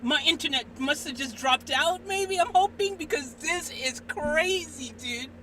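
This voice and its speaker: A woman live streamer talking to her viewers and an AI assistant in an excitable, exasperated way, swinging between shouting and muttering. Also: high voice, measured pace. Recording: distant mic, faint background noise.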